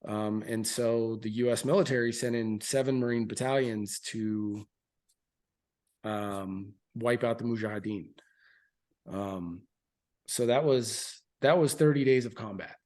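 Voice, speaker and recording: A man's voice: on the low side, a little slow, darkish tone. A man in his thirties, a military veteran, speaking as a podcast guest in a frank, earnest way with loose fillers and restarts. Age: 30s. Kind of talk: candid interview storytelling.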